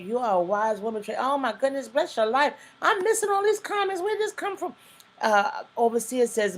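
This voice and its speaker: A woman hosts a live talk stream, chatting casually and reading viewer comments aloud, adding emphatic asides like a preacher. Her voice is fairly high, and the recording is rough.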